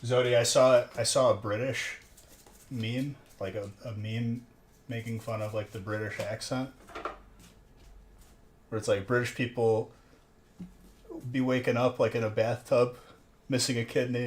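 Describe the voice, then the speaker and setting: A man's voice: mid-range voice, fairly even intonation, measured pace, long pauses. Rambling, joking male streamer, echoey room. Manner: rambling, joking banter with chat. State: up very late at night. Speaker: live-stream host opening card packs. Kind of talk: casual live-stream chat. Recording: echoey room with background noise.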